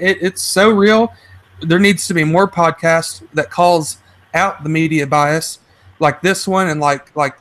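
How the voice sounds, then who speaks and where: A man's voice: fairly high pitch, bright, forceful tone. A man in casual podcast chat, venting in a heated, rambling way and swearing often. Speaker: podcast guest.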